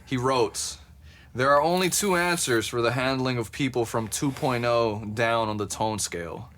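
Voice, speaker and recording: A man's voice: medium pitch, normal speed, a bit bright, a little hiss or hum. Profane laid-back podcast guy. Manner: profane, laid-back, laughs while reading quotes aloud. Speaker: podcast co-host. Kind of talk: casual podcast chat.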